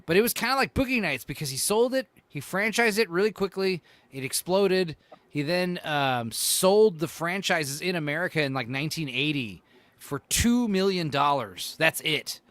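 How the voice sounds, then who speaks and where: A man's voice: fairly high pitch, animated, moderate pace, a bit bright, dry recording. A man co-hosting a casual podcast chat, rambling and swearing, full of "like" and "you know". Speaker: podcast co-host.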